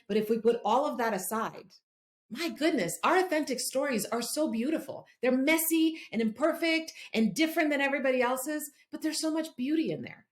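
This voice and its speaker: Earnest storytelling woman in a roomy space. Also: a little high. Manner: earnest, animated, acts out quoted voices. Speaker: guest. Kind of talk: conversational storytelling. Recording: roomy echo.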